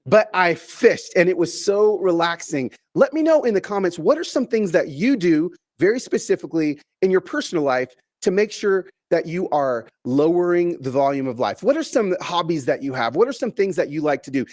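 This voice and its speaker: A middle-aged man delivering a motivational keynote to a virtual audience, with a slightly higher voice than most men. He talks in an animated, chatty way, restarting phrases and repeating words. For emphasis he stretches key words out slowly, one at a time. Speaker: keynote speaker.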